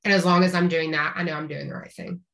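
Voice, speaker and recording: Woman from rural Tennessee, thirties, upbeat podcast guest with a crisp, bright voice. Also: sits low, steady tone, fast. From rural East Tennessee, Appalachia. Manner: chatty, upbeat, frequent restarts and laughs. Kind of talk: casual interview chat.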